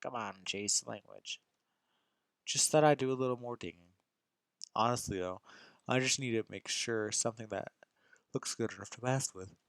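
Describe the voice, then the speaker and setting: A man's voice: mid-range voice, moderate pace, smooth, no echo. A young man narrating a visual novel in first person, reading casually and often stumbling and restarting lines.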